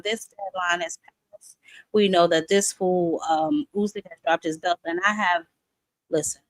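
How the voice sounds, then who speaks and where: A woman's voice: lowish voice, a bit bright, dry recording, poor audio. A woman hosting a boxing talk show in a casual live-stream chat, sassy and chatty, calling viewers "honey" and "child" and greeting them by name.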